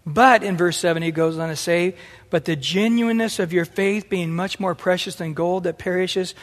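A middle-aged man preaching a sermon in an animated way, acting out the voices he quotes. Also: high-pitched, moderate pace. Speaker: pastor. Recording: long hall reverb.

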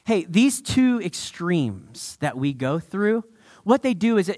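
A man preaching a sermon with energy, acting out quotes and slowing down to stress his points. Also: on the high side. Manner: energetic, acts out quotes, slows down for emphasis. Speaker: pastor.

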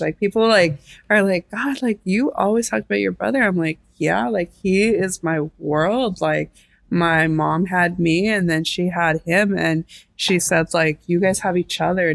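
Chatty woman with vocal fry. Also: lowish voice, no echo. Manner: chatty, fills with "like", quotes others in voices. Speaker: artist guest. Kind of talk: casual interview talk.

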